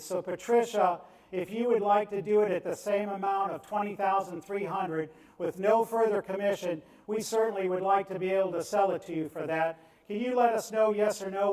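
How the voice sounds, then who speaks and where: Man auctioneer, high voice, rhythmic bid chant, roomy and distant sound. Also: darkish tone. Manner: rapid rhythmic bid chant, cajoling bidders. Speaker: charity auctioneer. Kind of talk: live auction bid calling. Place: event venue on the Gulf coast. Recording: echoey room, voice from off-mic.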